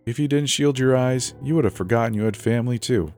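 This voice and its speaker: A man's voice: medium pitch, fast talker, a little mellow, soft background music, pitched above the performer's own voice, lightly acted. A man voicing a bossy, urgent teenage girl who talks sharply and commandingly. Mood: chiding.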